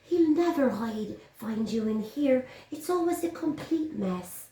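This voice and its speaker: A woman's voice: sits high, animated, unhurried, mellow, pitched above the performer's own voice. A woman voicing a friendly, helpful dog in a storybook reading, eager and kind. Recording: roomy echo.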